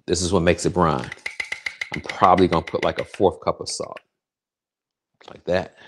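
Low-voiced excitable man cooking live. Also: normal speed, background noise. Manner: excitable, crude, jokey, chats directly to viewers. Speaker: home cook hosting a cooking show. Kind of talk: casual cooking livestream talk.

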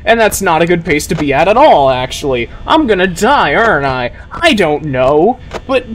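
A young man streaming a horror game, rambling nervously to his chat and yelling when things go right. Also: fairly high pitch, sing-song, normal speed, a little hiss or hum, rough recording. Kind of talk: live gameplay commentary.

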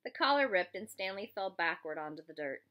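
Expressive woman reading a novel aloud. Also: on the low side, a little fast, muffled recording. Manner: expressive storytelling. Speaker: reader.

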